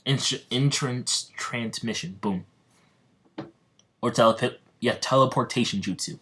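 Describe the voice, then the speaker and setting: A man improvising a fan-fiction story, rambling and halting with lots of fillers, restarts and giggles. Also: medium pitch, fairly bright tone.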